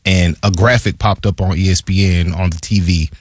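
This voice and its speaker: A former pro football player co-hosts a relaxed sports talk, telling stories from his playing days and retelling them with animation. His low, husky voice moves at a moderate pace in a dry recording.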